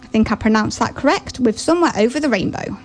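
A woman hosting a radio show, chatting casually and rambling between songs. She sounds nervous and excited, with giggles. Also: on the high side, quick pace. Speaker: radio host.

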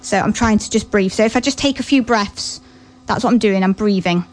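A woman hosting a radio show, chatting casually and rambling between songs. She sounds nervous and excited, with giggles. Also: mid-range voice, brisk. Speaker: radio host.

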